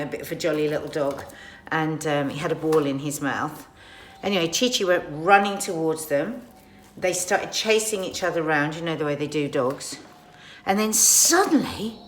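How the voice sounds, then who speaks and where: An English woman tells a story in a chatty vlog, her voice on the lower side. It is recorded in an echoey room with steady noise behind her. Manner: chatty storytelling, coos at her dog in a baby voice. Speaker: vlogger. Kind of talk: casual chat.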